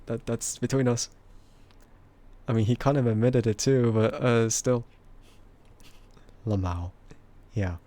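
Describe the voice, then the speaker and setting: A man with a husky, bassy voice chatting casually with stream viewers and laughing often between remarks. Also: fairly even intonation, slow, pauses often, dark tone. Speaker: VTuber streamer.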